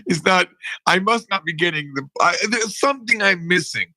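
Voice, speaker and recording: Casting note: lively, bright-voiced male podcast co-host, dry close mic, restarts often. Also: sits high, no room sound, low-quality recording. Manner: animated, halting with restarts and frequent laughs. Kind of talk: casual podcast conversation.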